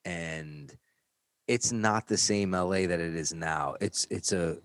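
Low voiced guy from new york telling a story, acts out the yelling, dry close sound. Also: slow pace, no echo. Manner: animated, acts out shouting cops. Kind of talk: casual storytelling chat.

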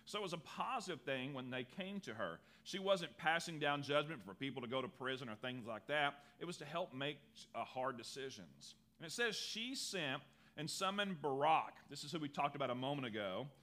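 Male pastor, sermon delivery, animated, bright and expressive, higher voice. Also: normal speed. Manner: animated, acts out quotes in lively voices.

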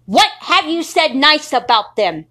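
A woman pours out a furious, defiant rant, swearing at every turn and sounding worn from lack of sleep. Her high voice swings widely in pitch, and she takes her time, leaning on each word. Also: very animated, a little slow, pushed and bright. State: sleep-deprived. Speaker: podcaster. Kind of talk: angry profane monologue.

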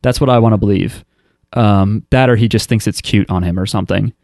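Relaxed man rambling through a recap. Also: fairly low pitch, a little fast, no room sound, clean studio sound. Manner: rambling, filler-heavy storytelling with frequent restarts. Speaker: podcast host recapping an anime episode. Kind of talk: casual chat.

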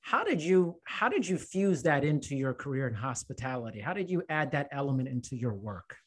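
A man's voice: medium pitch, sing-song, a little fast, breathy edge. A man hosting a podcast, asking questions in an encouraging, affirming way. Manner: encouraging, affirming, laughs easily. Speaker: podcast host. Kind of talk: casual interview chat.

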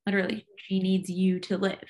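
A woman talking in a casual conversation, reflective and supportive, often pausing and restarting her phrases. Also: medium pitch, completely flat delivery, a little mellow, a little hiss or hum.

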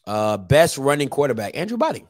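Lively, animated male YouTube host. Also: mid-range voice, fairly quick, very noisy. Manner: animated, teasing, lots of fillers. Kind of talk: casual live-stream talk.

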